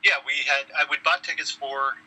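A man's voice: medium pitch, steady tone, brisk, sharp tone, poor audio. A middle-aged man co-hosting a podcast, telling a long, rambling story with self-deprecating asides. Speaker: podcast co-host. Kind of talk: casual storytelling chat.

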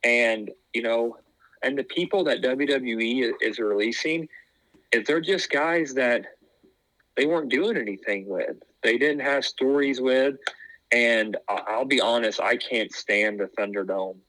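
A man's voice: medium pitch, measured pace, a bit bright, no echo, rough recording. A man chatting casually as a podcast co-host, rambling with lots of fillers and restarts. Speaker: podcast co-host, former wrestling tryout. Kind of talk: casual chat.

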